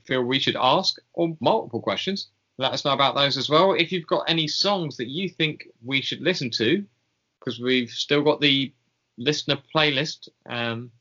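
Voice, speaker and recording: A man wrapping up a casual podcast episode, loose and rambling with plenty of fillers. His voice is bright and pushed forward. The recording is a little dull. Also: mid-range voice. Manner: rambling, filler-heavy, laughing at himself. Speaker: podcast co-host.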